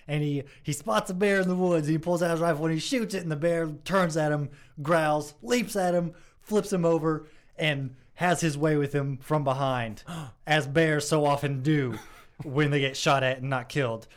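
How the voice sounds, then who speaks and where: A man telling jokes in a comedy radio chat, deadpan and self-mocking. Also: fairly high pitch, normal speed.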